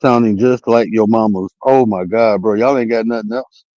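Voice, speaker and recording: Speaking at a moderate pace in a lowish, steady, darkish voice, a male streamer and life coach goes on a casual rant during his livestream. His streaming setup mic gives dull audio without echo, and he swears at the chat while challenging viewers to hop on the call.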